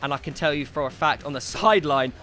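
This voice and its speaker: A young man giving lively, chatty commentary on an amateur football match, shouting at the big moments. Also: fairly high pitch, fast talker.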